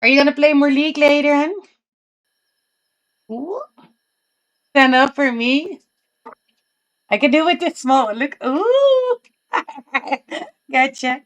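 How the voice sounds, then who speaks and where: A woman's voice: high-pitched, fairly even intonation, slow, pauses often, fairly bright tone. A sleepy woman streamer chatting casually with her live chat, giggling often and cooing to her pet. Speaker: Twitch streamer.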